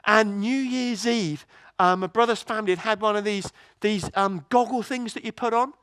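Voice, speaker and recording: A man preaching a sermon in a church, telling a story in a lively way with many restarts. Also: high-pitched, moderate pace, clean tone, no room sound.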